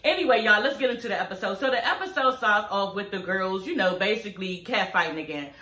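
Woman vlogger, home review channel, bright tone, casual and profane, slight room echo. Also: medium pitch, expressive, fast talker, a little hiss or hum. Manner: profane, talks straight to viewers. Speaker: YouTube show reviewer. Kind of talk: casual chatty review vlog. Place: home, filming in front of her TV. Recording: roomy echo.

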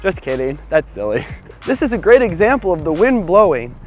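Soft music plays behind this high-pitched man, who talks a little fast as he presents a children's educational program in a windy outdoor field. Goofy and bubbly, he speaks straight to the kids watching.

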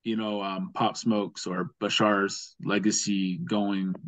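Male podcast host, low-ish, measured questions, dry room. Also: little pitch movement, fairly bright tone, dry recording. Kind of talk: interview questions.

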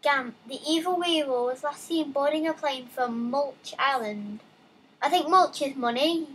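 A young woman casually commenting while playing a game, reading on-screen text aloud with excitable, chatty asides. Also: sits high, measured pace, a little hiss or hum, low-quality recording. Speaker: let's play gamer.

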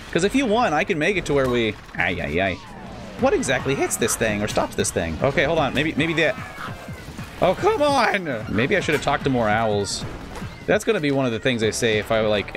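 A man giving casual gameplay commentary as a let's play host, joking in rambling asides and breaking into sudden excited outbursts. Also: medium pitch.

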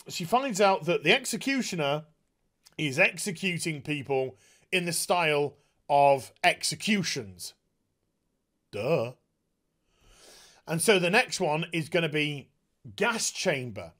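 Exasperated guy ranting, sarcastic, swears a lot, really animated. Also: fairly high pitch. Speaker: TV show reviewer. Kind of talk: ranting video review.

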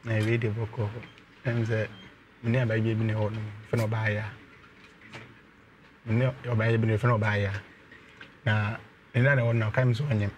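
A man with a fairly low voice calls in to tell his story. He speaks slowly and haltingly, and faint noise sits behind him on the line. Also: level tone, lo-fi sound. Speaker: caller. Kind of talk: telling a personal problem.

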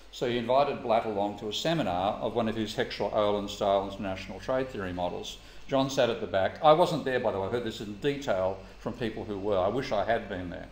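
A man giving an economics lecture, telling anecdotes bluntly and swearing casually. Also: on the low side. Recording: echoey room, faint ambient noise.

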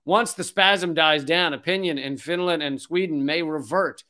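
This forties-aged host of a political commentary show has a sharp-toned voice on the high side, talking at normal speed with few pauses. He reads from an article, then veers off into profane, sarcastic outbursts.

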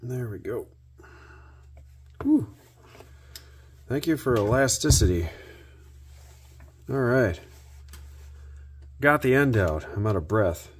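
A man hosting a repair video, narrating his work out loud with dry little jokes to himself. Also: mid-range voice, lively intonation, a little slow, long pauses, breathy edge. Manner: self-talk with dry jokes. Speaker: host.

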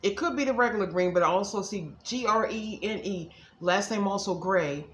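A woman's voice: mid-range voice, moderate pace. Woman, psychic reader, folksy chatter, echoey room, faint hiss. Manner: chatty, folksy, addresses viewers as y'all. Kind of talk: casual livestream reading.

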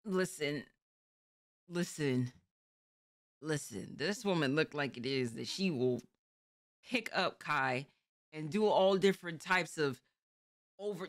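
A woman hosting a reaction video, talking casually in a rambling, self-correcting way and laughing easily. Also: lowish voice.

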